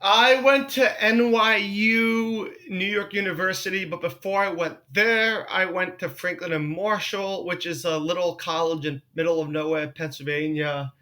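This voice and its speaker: A man's voice: high voice, fairly even intonation, moderate pace, few pauses, sharp tone. A male comedian chatting as a podcast guest, ranting in an exasperated, profane way and laughing at his own stories. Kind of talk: casual podcast chat.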